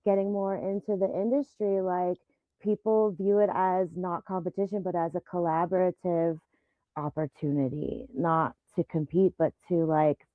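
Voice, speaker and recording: Animated woman on a tinny phone line. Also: lowish voice, moderate pace, no room sound. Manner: animated storyteller who laughs often. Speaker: guest, event business founder. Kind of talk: casual podcast conversation.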